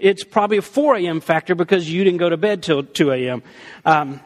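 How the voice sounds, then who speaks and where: High-voiced man preaching in a reverberant hall. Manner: animated, conversational, frequent restarts, laughs at his own story. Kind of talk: storytelling sermon.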